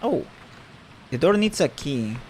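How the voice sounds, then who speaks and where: A man's voice: on the high side, very animated, slow, a little hiss or hum. A man streaming a game, reading items aloud and muttering casual, sometimes swearing asides.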